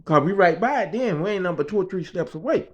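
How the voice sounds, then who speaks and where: A man's voice: high-pitched, animated, fast talker. A man from the Bahamas telling a story from his own life in casual, profane slang, acting out what others said and repeating phrases for rhythm. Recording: slightly dull lo-fi recording.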